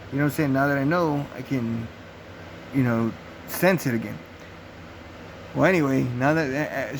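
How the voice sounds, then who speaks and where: A man's voice: a little high, slight background noise, rough recording. A young man telling a rambling, profane story casually, acting out gunshot sounds. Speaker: vlogger.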